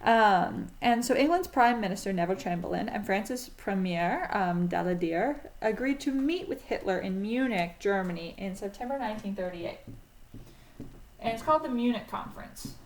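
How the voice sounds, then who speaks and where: A woman's voice: medium pitch, animated, normal speed, slight background noise, poor audio. A woman teaching a history class in a casual, chatty way, with frequent ums and self-corrections.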